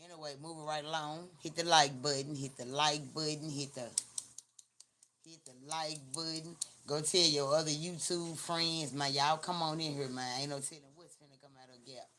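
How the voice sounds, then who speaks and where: A woman's voice: sits low, steady tone, normal speed, fairly bright tone. A woman with a Memphis Southern accent hosting a live stream, talking in blunt, slangy, repetitive and teasing casual chat. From Memphis, Tennessee. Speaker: livestream host.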